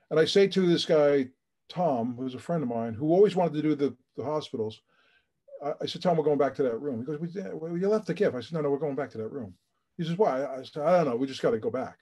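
A man's voice: mid-range voice, brisk, mellow. A middle-aged man, a charity founder telling a story as a guest, acting out the voices of the people in it with emotion. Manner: acts out quoted voices, emphatic and emotional. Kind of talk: animated storytelling.

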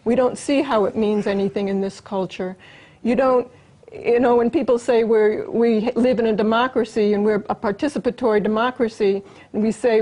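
A woman with a somewhat high voice speaks as an interview guest. She explains her ideas earnestly and steadily, now and then restarting a phrase before pressing on. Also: normal speed, dark tone, poor audio. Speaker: interview guest, longtime collaborator.

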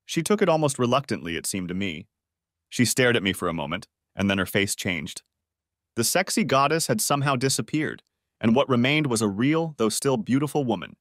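Expressive male storyteller, dry close sound. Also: mid-range voice, a little fast, no echo. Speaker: narrator. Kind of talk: first-person story narration.

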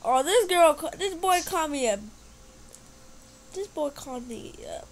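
Excitable woman squealing over a game. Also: high-pitched, measured pace, slight background noise. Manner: excitable, squeals and cheers, talks to opponents. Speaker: gamer commentating her play. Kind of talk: casual gameplay commentary.

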